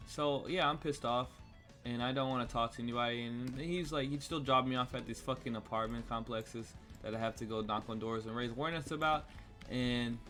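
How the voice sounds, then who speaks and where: A young man from the US tells a rambling, angry story laced with swearing as he plays a game on his vlog, his mid-range voice a bit bright. Faint cello music can be heard.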